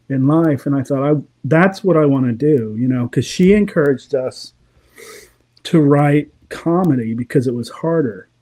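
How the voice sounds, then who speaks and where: A middle-aged man who works as a voice actor and comedy writer speaks in a dark, mid-range voice. In casual chat he rambles through stories and chuckles often.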